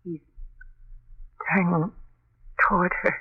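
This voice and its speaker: A woman's voice: on the low side, steady tone, takes it slowly, breathy edge. A woman playing a frightened mother watching a ghostly murder in a 1930s radio drama. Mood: fearful. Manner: breathless, fearful, pleading. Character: terrified young mother clutching her child. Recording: dull, faintly hissy old radio recording.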